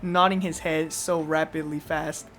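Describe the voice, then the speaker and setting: Excitable, swearing woman streamer. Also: low voice, unhurried, slight background noise. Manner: excitable, swears casually, laughs often. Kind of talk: live game playthrough commentary.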